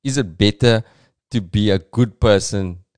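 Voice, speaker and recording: South african guy musing casually, slow and low, smooth voice. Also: a little mellow. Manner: conversational, reflective, many "you know"s. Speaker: podcast host. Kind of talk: casual commentary.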